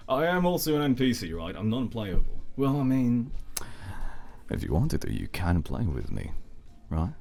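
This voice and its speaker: A man's voice: mid-range voice, wildly swooping pitch, moderate pace, creaky, a little mellow, soft background music. A man chatting casually on a live stream, rambling and playful, joking with his chat and dropping in foreign phrases.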